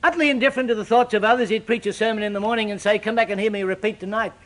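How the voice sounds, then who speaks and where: An older man preaching a sermon, with dramatic, sweeping shifts in pitch and loudness. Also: steady tone, rapid-fire.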